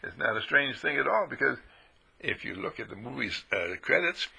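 Man preaching, gravelly husky voice, bright tone, lively swooping pitch, playful folksy sermon. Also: normal speed, low-quality recording. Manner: animated, playful, swoops into high voices for sheep and characters.

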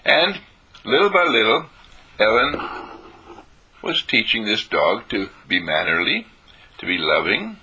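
A man giving an informal spiritual talk, telling stories and repeating phrases for emphasis, clearing his throat now and then. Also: lowish voice, very animated, a little slow, long pauses, pushed and bright.

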